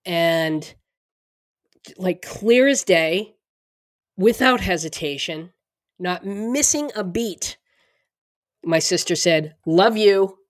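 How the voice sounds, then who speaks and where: A woman's voice: on the low side, animated, slow, long pauses, no room sound, clean studio sound. A middle-aged woman co-hosting a podcast, talking casually with many restarts and laughing through hard moments. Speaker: podcast co-host. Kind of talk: casual conversation.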